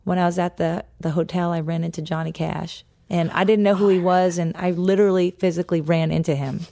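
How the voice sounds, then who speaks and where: A woman in her fifties telling a childhood story in a relaxed chat, bringing it to life by imitating the people in it. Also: on the low side, fairly quick, creaky. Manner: lively anecdotal, mimics voices in quotes. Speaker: guest. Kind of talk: casual storytelling.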